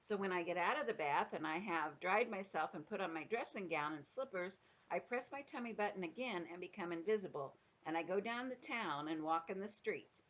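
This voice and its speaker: A woman's voice: on the low side, fairly quick, few pauses, dull audio. Older woman reading a storybook aloud. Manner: expressive storytelling, voices the characters. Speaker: grandmother reading to children. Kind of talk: reading a children's book aloud.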